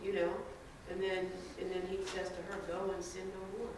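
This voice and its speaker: A man in a church class offering a casual, soft-spoken comment with "you know" fillers. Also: high-pitched, monotone, moderate pace. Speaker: class member. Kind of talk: comment from the audience. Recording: distant, echoey, loud noise.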